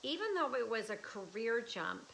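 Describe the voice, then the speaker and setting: A sing-song, slightly high voice with creaky texture and a fairly bright tone belongs to a fifty-something artist livestreaming casually from her studio at a moderate pace. She chats emotionally, laughing and starting over at times, in a low-quality recording with slight background noise.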